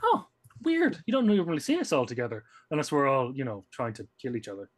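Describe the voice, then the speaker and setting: A man player jokes while role-playing in a tabletop game, stumbling and restarting his sentences. His voice rises and falls in a lively way. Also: medium pitch, quick pace. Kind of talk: in-character tabletop role-play.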